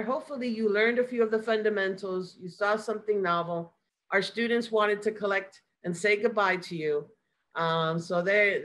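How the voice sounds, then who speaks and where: Woman giving a measured academic lecture. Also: medium pitch, a bit bright, rough recording. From United States. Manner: measured, explanatory. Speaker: guest lecturer.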